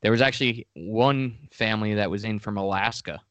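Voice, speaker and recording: A man's voice: lowish voice, a little fast, a bit bright, no echo. A man co-hosting a podcast in a laid-back, casual way, full of "dude" and "like," close to a studio microphone. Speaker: podcast co-host.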